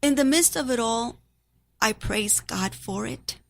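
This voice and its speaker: A woman minister giving a slow, heartfelt personal testimony on the radio, with pauses. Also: a little high, creaky, a bit bright, no echo.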